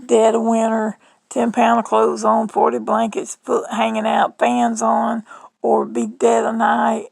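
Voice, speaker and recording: Gravelly Southern woman rambling casually. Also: fairly high pitch, monotone, unhurried, a little mellow, dry recording, poor audio. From Southern United States. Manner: chatty and rambling, folksy. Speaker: vlogger.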